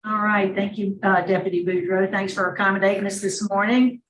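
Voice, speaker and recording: A woman's voice: medium pitch, steady tone, fairly bright tone. Formal woman chairing, far-off echoey mic. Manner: brisk, formal, reading into the record. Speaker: parole board chair. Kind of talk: formal hearing procedure. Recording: echoey hearing room, distant mic, faint noise.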